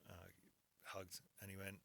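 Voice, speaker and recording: A man's voice: low-pitched, monotone, gravelly, pushed and bright. A man in his forties, a podcast guest telling a personal story candidly, stammering and restarting as he goes. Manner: honest, halting, frequent stammered restarts.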